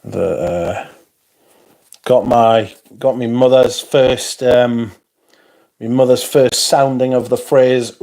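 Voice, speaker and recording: A man's voice: mid-range voice, steady tone, takes it slowly, a little mellow. Tired male streamer, rambly and self-mocking, chatting casually through viewer comments. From North East England. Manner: rambling, self-deprecating, frequent yawns and interjections. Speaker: livestream host. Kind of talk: casual livestream chat reading viewer comments.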